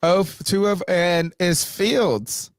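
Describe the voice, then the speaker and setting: A man's voice: high voice, slow pace, no echo, studio quality. A man hosting a sports podcast, chatting casually and joking around. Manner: playful, joking. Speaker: podcast host.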